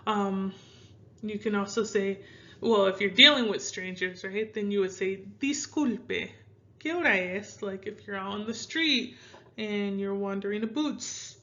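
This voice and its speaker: A woman's voice: medium pitch, steady tone, unhurried, pushed and bright, lo-fi sound. A young woman from Minnesota with a Midwestern American accent, teaching Spanish phrases in a casual, rambling way with many fillers. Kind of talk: casual language lesson.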